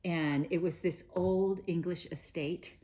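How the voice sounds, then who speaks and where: Her voice fairly low, steady in tone and mellow at a measured pace, a middle-aged woman hosts a quilting news show. She chats to camera in a gushing way, with lots of fillers and restarts.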